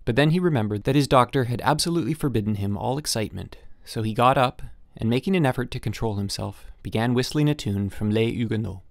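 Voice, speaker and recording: A man narrating a classic short story as an audiobook narrator, measured and even. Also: medium pitch, creaky, no echo, studio quality. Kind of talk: scripted narration.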